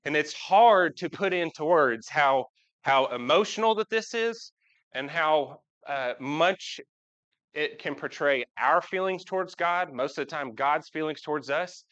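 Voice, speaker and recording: A man's voice: a little high, measured pace, a bit bright, muffled recording. A man giving a casual, folksy sermon in a church, often asking the congregation questions. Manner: folksy, talks with the congregation, asks them questions. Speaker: preacher. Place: church sanctuary.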